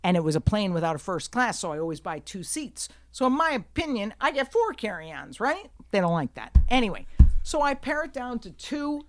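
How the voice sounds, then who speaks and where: A woman comedian telling stories on a podcast, profane and animated, jumping to shouts when she acts out scenes, recorded in a studio. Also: medium pitch, normal speed. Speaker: guest comedian. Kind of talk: storytelling in a podcast conversation.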